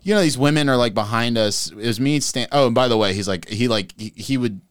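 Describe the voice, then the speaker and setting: A man's voice: medium pitch, fast, smooth, no echo, studio quality. A man on a comedy podcast, recapping a story in a rambling, casual way. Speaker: podcast co-host. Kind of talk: casual chat.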